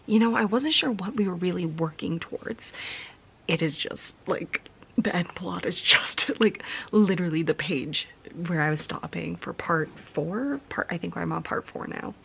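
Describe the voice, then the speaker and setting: A woman's voice: on the low side, normal speed, creaky, fairly bright tone, a little hiss or hum. A young woman vlogging about a book she is reading, tired and venting in a frustrated, often whispered late-night rant. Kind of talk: casual reading vlog.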